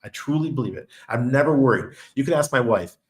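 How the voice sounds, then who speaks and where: A man's voice: medium pitch, lively intonation, quick pace. A man with a New York accent talking casually to his viewers, telling stories and laughing often. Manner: chatty storyteller, laughs often. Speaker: crypto channel host. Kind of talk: casual monologue.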